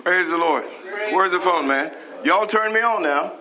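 A man's voice: sits high, normal speed, crowd noise. A man preaching a fervent, scolding sermon on a live broadcast, reading scripture and breaking into hallelujahs. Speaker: pastor.

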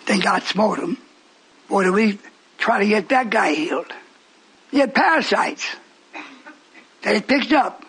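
Man preaching a sermon, very high voice, sharp and forceful tone, emphatic, bursts into shouts. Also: expressive, unhurried, long pauses, husky, low-quality recording. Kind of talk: fiery sermon.

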